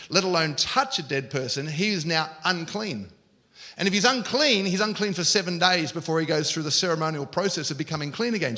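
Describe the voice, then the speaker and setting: A man preaching a lively storytelling sermon. His voice sits high and bright. He keeps slipping into the voices of the people in his story. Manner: storytelling, acts out quoted lines. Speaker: pastor.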